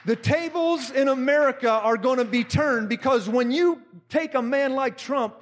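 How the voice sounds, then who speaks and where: A middle-aged man preaching a fervent sermon, repeating phrases and rising to shouts. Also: very high voice, moderate pace, slight background noise.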